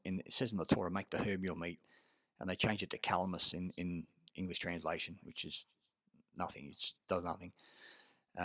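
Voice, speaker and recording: An Australian man telling a rambling story in a casual monologue, swearing often and pausing on fillers. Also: sits low, fairly bright tone, dry recording. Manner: rambling and profane, full of filler words. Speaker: vlogger.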